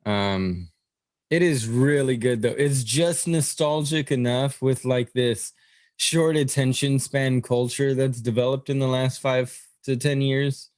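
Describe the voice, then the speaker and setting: A man's voice: mid-range voice, measured pace, darkish tone, no echo, studio quality. A man co-hosting a podcast in casual chat, rambling with lots of fillers, restarts and swearing. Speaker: podcast co-host.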